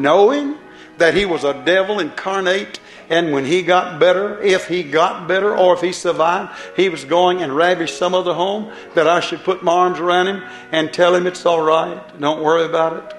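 A man's voice: sits high, echoey room. A man preaching a fiery sermon, pleading and throwing rhetorical questions at the congregation.

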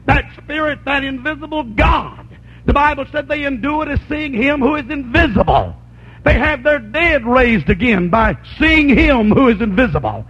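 A male preacher with a strikingly high voice delivers a sermon, stretching out key lines and rising into shouts. He keeps asking his listeners whether they agree. The recording sounds dull and lo-fi. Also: breathy edge. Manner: asks the congregation for agreement.

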